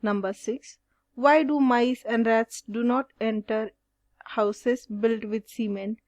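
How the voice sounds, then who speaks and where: Slow, dry-voiced woman teacher. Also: a little high, fairly even intonation, a little mellow, no echo. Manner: slow, deliberate question-and-answer reading. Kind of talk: reading out solved exercise answers.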